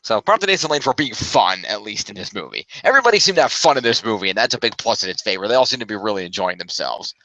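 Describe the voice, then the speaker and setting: A man's voice: lowish voice, very animated, fast talker, few pauses, bright, forceful tone, slight background noise, rough recording. A man chatting casually as a film reviewer, rambling and correcting himself as he goes. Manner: rambling, self-correcting, upbeat.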